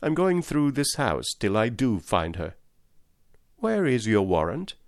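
A man reading aloud and voicing a calm, self-assured male detective who speaks firmly. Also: mid-range voice, a little slow, no room sound, clean studio sound. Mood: cool. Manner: calm and firm.

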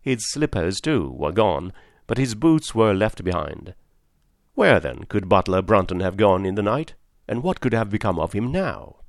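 Man narrating a story, measured formal delivery, low voice, dry close sound. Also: big pitch swings, dry recording. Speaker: audiobook narrator. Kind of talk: scripted narration.

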